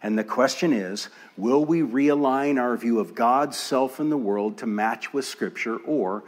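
Measured male pastor preaching. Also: mid-range voice. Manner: measured, emphatic build through repeated phrases. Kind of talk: sermon. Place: church.

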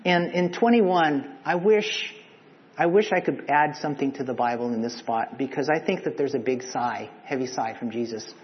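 Conversational preacher in an echoey hall. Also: male voice, a little high, normal speed, dull audio. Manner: conversational, asks the listeners questions. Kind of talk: sermon.

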